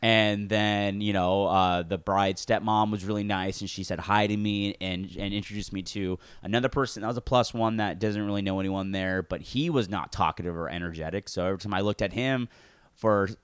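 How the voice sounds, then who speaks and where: Low-voiced man telling a rambling story. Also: fairly quick, clean tone, dry recording. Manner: animated, swearing, acts out quotes. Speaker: podcast co-host. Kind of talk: casual storytelling.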